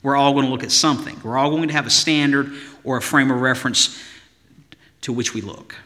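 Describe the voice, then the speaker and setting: A man's voice: medium pitch, steady tone, a little fast, sharp tone, in a large hall. A man preaching a sermon as pastor, in an emphatic voice with rhythmic lists and rhetorical questions.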